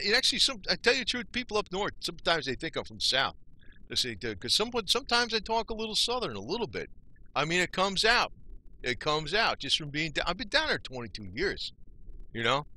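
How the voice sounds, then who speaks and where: A man's voice: a little high, sharp tone. An older man from New Jersey, talking to the camera in a loose, rambling rant full of "you know.". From Northeast New Jersey. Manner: rambling, folksy, swears mildly, asks "you know?" often. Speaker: vlogger.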